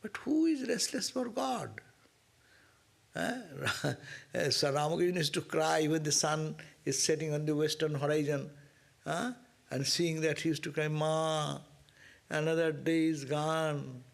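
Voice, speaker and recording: A monk teaches a scripture class, working through Sanskrit verses and checking in with "no?" and "huh?". His voice is somewhat high for a man, gravelly and a little husky. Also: unhurried. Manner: explains Sanskrit verses line by line, with frequent rhetorical "no?".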